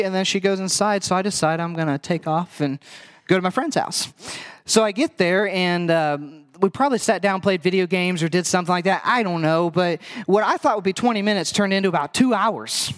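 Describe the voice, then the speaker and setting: A young man with a notably high voice delivers a sermon built around a personal story. He acts out the scenes, throws quick asides to the listeners and keeps the telling lively. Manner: animated storytelling, acting out past scenes, quick asides to the audience. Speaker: preacher.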